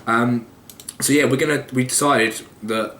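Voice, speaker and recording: A man's voice: medium pitch, fairly even intonation, unhurried, a bit bright, echoey room. A young man casually answering viewer questions in a loose, jokey, rambling way with occasional swearing. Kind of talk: casual vlog Q&A.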